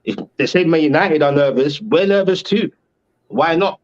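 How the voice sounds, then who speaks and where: Man, football fan, frank and casual talk, slightly high voice, dull muffled sound. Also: lively intonation, normal speed. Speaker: fan panelist.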